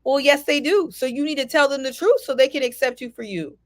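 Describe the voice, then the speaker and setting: A woman's voice: high-pitched, brisk, no room sound. A woman on a podcast panel, making her argument in an emphatic, opinionated way. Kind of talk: casual panel discussion.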